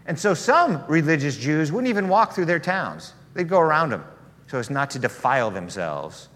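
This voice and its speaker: A male preacher telling a story from the pulpit in a casual, conversational way, his slightly high voice rising and falling with lively swings. A long hall reverb trails every phrase. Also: normal speed, slight background noise. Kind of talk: sermon.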